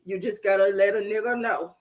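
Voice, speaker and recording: A woman's voice: medium pitch, steady tone, fairly quick, a loud crowd. Woman hosting a panel, chill, lots of mm-hmm and yes. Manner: affirming, lots of mm-hmms. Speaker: panel host. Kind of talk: casual chat.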